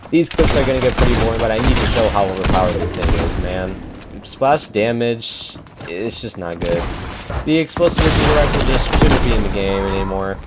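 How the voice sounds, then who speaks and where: Loud gunfire and game audio make this clip very noisy as a young man casually narrates his gameplay footage for his YouTube channel. He's relaxed and jokey, often teasing himself, with a lowish voice at a moderate pace.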